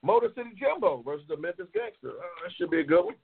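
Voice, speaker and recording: Brief: male talk host, gravelly and husky, brash and profane, tinny phone-quality audio. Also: high voice, fast talker. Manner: loud, profane and excitable, yelling at times. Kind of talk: casual livestream chat, reading race matchups.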